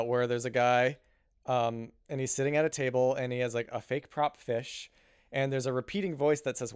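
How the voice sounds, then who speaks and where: Rambly male podcast co-host, middle pitch, dry close recording. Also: smooth, no echo. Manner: rambling, many fillers. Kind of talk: casual chat.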